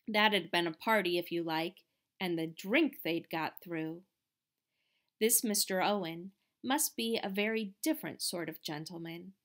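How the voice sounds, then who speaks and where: A woman narrating an audiobook in a measured, expressive reading voice. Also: on the low side. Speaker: audiobook reader.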